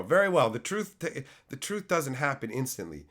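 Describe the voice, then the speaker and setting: A middle-aged man live-streaming, who is sick and losing his voice, loudly and profanely mock-insulting his chat. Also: fairly high pitch, sing-song, normal speed. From Canada. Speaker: card-opening streamer.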